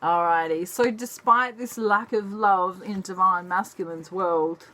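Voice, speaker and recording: A woman giving a chatty, casual tarot reading in a soft, unhurried manner. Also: mid-range voice. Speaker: tarot reader.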